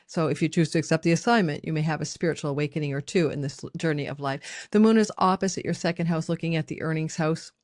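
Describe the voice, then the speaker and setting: A woman's voice: deep voice, fast, darkish tone, dry recording, clean studio sound. A middle-aged woman giving a spoken astrology lesson, talking straight to her viewers with casual asides. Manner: conversational, addresses viewers directly with asides. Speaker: astrology teacher.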